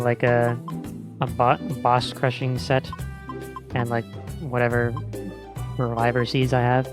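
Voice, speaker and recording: A man chatting casually as a streamer, rambling with lots of fillers while he plays. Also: mid-range voice. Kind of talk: casual let's-play commentary. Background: game music.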